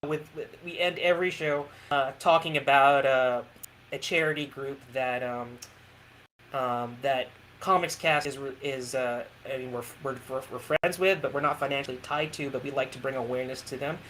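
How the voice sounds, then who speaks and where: Bright-voiced male podcast host. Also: medium pitch, steady tone, moderate pace, a little hiss or hum, rough recording. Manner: earnest, speaks with many restarts. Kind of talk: casual interview chat.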